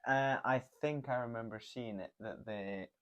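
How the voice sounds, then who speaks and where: A speaker co-hosting a podcast in casual chat, playful and quick to laugh. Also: mid-range voice, highs cut off. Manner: giggly, playful asides. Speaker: podcast co-host.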